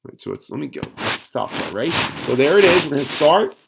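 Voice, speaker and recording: A man's voice: on the high side, very animated, brisk, gravelly, noisy background. A middle-aged man ranting sarcastically in a casual home cooking vlog. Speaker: fitness vlogger. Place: home kitchen.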